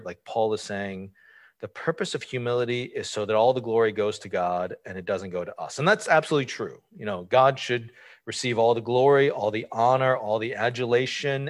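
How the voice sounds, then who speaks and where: Male preacher, mid-pitched, casual sermon delivery with rhetorical asides. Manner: informal, asks rhetorical questions, frequent fillers. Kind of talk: conversational sermon.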